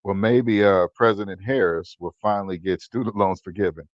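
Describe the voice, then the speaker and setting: With a voice on the low side and a moderate pace, a man in his fifties runs a personal finance channel in a casual livestream-style monologue. He's blunt and preachy and leans on repeated words for emphasis. The lo-fi recording has no room sound.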